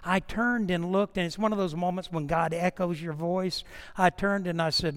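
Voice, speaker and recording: A man's voice: high voice, fairly even intonation, normal speed, hardly any pauses, clean tone, big-room sound. A middle-aged man preaching a sermon, a pastor who tells a story with energy and acts out prayers and conversations.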